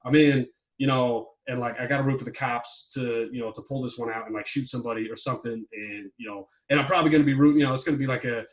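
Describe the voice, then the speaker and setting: A man talks fast and loose, stacking fillers and restarting sentences as he goes. His voice sits a little back from the microphone. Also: medium pitch, steady tone, distant mic, low-quality recording. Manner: rambling, heavy on fillers, swears when worked up. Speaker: podcast co-host reviewing a movie plot. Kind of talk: casual chat.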